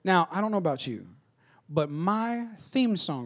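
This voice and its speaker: High-voiced pastor preaching with call-and-response. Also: male voice, big pitch swings, a little slow. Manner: self-deprecating humor. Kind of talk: sermon. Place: church stage, on stage before a congregation.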